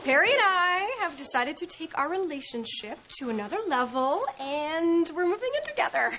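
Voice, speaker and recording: A woman's voice: sits high, big pitch swings, moderate pace, bright, forceful tone, a little hiss or hum, heavily acted. A woman playing an earnest, self-absorbed sitcom sister. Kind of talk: sitcom acting.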